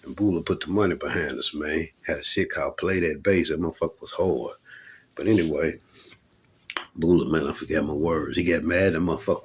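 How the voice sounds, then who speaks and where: A man's voice: extremely low pitch, a little fast, husky. A middle-aged man from Louisville, a rapper, telling rambling, profane stories about his hip hop days in a laid-back, casual monologue. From Louisville, Kentucky.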